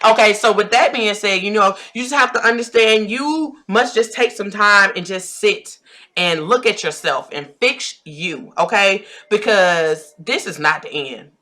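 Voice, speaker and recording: Woman, thirties, Southern US accent, life coach, blunt and preachy, bright forceful tone. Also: mid-range voice, measured pace. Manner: blunt, preachy, repeats phrases for emphasis. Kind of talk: direct-to-camera pep talk.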